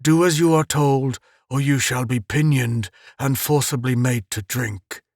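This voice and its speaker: Man voicing an inhuman captor, rasping guttural drawl, menacing, low and hushed, dry close sound. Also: unhurried, no echo. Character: menacing inhuman male captor, cold, commanding. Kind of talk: audiobook character reading.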